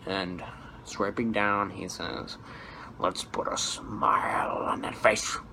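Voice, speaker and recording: A man impersonating an unhinged male comic-book villain in a low hissing half-whisper with sudden manic outbursts. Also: level tone, takes it slowly, vocal fry, sharp tone, exaggerated voice, low-quality recording. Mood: menacing.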